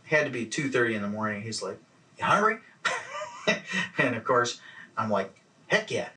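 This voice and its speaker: A man telling a story in an amused way, acting out what each person said. His voice is bright and sits in a middle register. He sounds somewhat far from the mic. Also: on the low side, moderate pace. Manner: amused, acts out quoted lines. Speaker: interviewee, friend. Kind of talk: anecdotal storytelling.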